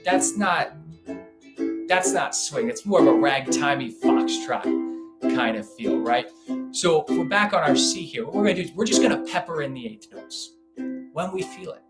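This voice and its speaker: A man's voice: on the high side, normal speed, reverberant, loud music behind the voice. Chatty man teaching ukulele over strumming. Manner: relaxed, chatty, demonstrative, scats rhythms aloud. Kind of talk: live online music lesson. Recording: ukulele playing loudly behind the voice. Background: ukulele playing.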